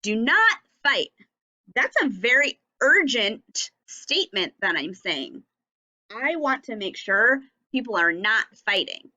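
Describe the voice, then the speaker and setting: A woman teaching a recorded phonics and punctuation lesson for young children, speaking slowly and enunciating each word and sound clearly. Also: fairly high pitch, sing-song, pushed and bright, dull audio.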